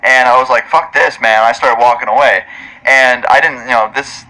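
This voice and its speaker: A man's voice: mid-range voice, steady tone, normal speed, pushed and bright, rough recording. A young man telling a story to his viewers in a casual, profane, rambling way, full of fillers and asides. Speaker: storytime vlogger.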